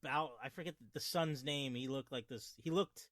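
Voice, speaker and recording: A man joining a movie review podcast as guest host, teasing his co-hosts and talking in halting starts. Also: medium pitch, a bit bright, dry recording, studio quality. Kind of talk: casual movie review chat.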